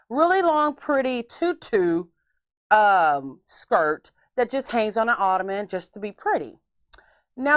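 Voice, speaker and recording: Animated woman podcast host. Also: on the high side, no echo, clean studio sound. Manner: animated, theatrical storyteller. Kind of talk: casual storytelling chat.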